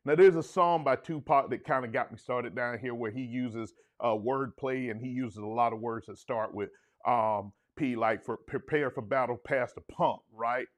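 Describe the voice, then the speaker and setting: Man, podcast host, energetic, casual livestream chat, call-and-response, mid pitch. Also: normal speed. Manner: loose, conversational, with asides.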